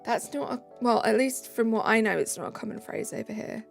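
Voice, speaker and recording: A woman's voice: on the high side, brisk, creaky. A British woman streaming live, chatting casually and reading out viewer comments. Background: faint background music.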